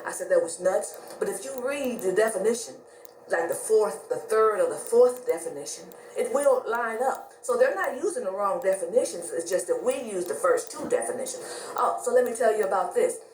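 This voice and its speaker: Animated woman telling a story. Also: medium pitch, normal speed, slight background noise. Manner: animated, acts out both sides of conversations. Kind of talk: casual storytelling. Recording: roomy, distant mic with faint ambience.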